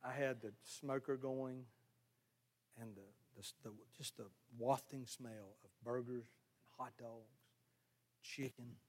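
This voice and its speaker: A male pastor, preaching a sermon in a folksy, storytelling way that builds to loud, fervent exhortation. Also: medium pitch.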